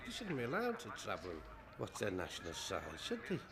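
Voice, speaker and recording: An actor playing a grumbling dad who rants indignantly and talks on the phone. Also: male voice, mid-range voice, wildly swooping pitch, brisk, crowd noise.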